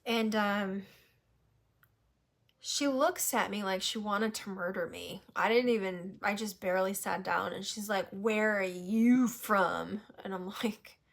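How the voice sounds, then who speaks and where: Animated woman telling a story. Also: medium pitch, measured pace, vocal fry. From New Hampshire, USA. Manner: animated, swearing, laughs often. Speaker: podcast host. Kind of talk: casual storytelling chat.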